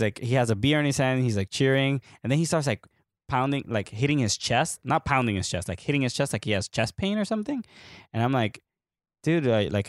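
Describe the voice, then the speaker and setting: A man's voice: mid-range voice, no room sound, clean studio sound. A young man from the United States, co-hosting a casual soccer podcast, telling a rambling story full of fillers and laughter. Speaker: podcast co-host. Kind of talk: casual chat.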